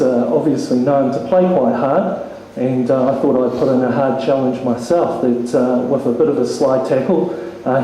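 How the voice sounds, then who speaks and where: A man's voice: medium pitch, mellow. A man giving an informal eulogy at a funeral, hesitant and full of ums, with a joking touch. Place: funeral hall. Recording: very echoey hall, faint noise.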